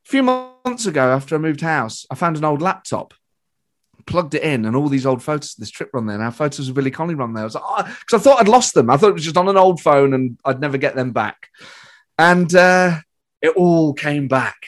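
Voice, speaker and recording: Man, British comedian, storytelling, high voice, very lively pitch. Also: fast. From Britain. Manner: animated, swings between loud and quiet. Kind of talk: casual storytelling.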